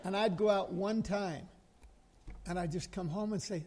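An older man telling a personal story in an earnest, gently humorous way. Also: high voice, normal speed, some chatter behind, a little hiss or hum. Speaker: speaker sharing a personal story. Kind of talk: storytelling talk.

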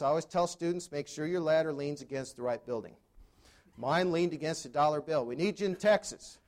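A man in his sixties delivers a storytelling keynote to a live audience. His voice sits a little high for a man. He talks conversationally, throws questions to the crowd, and lands dry jokes. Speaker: motivational speaker.

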